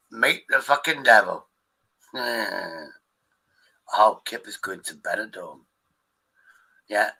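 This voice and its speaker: A man's voice: fairly low pitch, vocal fry, sharp tone, husky, rough recording. A man chatting casually on a stream, swearing and joking. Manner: swearing, banter, quick asides. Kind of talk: casual chat.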